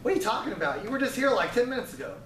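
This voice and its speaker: A man's voice: very high voice, sing-song, very fast, a bit bright, a little hiss or hum, voice pushed up, heavily acted. A man voicing an old, nearly blind father who questions his sons, in a casual storytelling tone. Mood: suspicious. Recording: roomy, distant, faint ambience.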